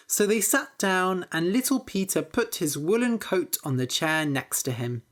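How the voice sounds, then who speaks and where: A woman narrating a simple story for English learners, clear and deliberate. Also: low voice. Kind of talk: slow scripted story narration.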